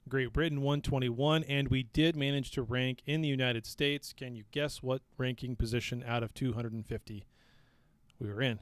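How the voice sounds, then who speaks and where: A man hosts a podcast live stream, chatty and quick to laugh. His voice is smooth and resonant, recorded close and dry. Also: medium pitch, fairly even intonation, no echo. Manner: laughing easily, chatty and upbeat. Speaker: podcast host. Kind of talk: casual podcast chat.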